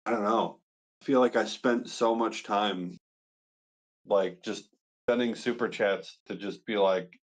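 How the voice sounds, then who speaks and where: Brash, swearing young dad. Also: male voice, fairly low pitch, measured pace. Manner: brash, boastful, profane. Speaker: podcast guest. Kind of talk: casual chat.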